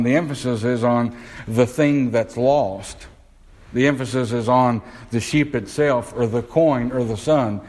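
A man preaching a sermon, putting questions to the congregation and slowing down to stress key words. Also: mid-range voice, darkish tone, rough recording.

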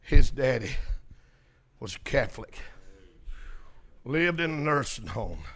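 A man preaching a sermon and telling a story, swinging from hushed tones to shouting. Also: mid-range voice, very animated, slow pace.

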